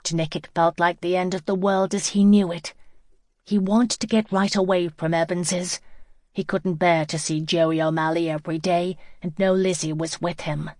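Brief: woman audiobook narrator, low voice, steady and even, dry close sound. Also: moderate pace, dry recording. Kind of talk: scripted narration.

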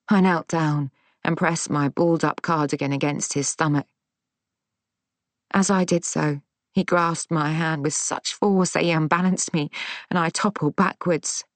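A woman narrating a first-person audiobook in a measured, tense, dramatic way. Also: sits low, fairly even intonation, dry recording.

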